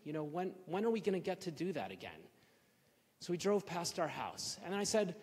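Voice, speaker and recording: A man's voice: high voice, big pitch swings, moderate pace, a little mellow. A man in his forties telling a personal story at a live story slam, emotional and repeating phrases for emphasis. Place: synagogue hall at a live event. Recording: long hall reverb.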